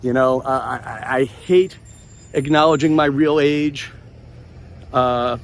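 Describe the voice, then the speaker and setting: A man's voice: mid-range voice, takes it slowly. A man in his forties hosting a podcast, talking in a joking, rambling way while walking outdoors at a beach and recording on a handheld phone. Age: 40s. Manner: animated, joking, rambling asides. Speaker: podcast host. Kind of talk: walking vlog monologue.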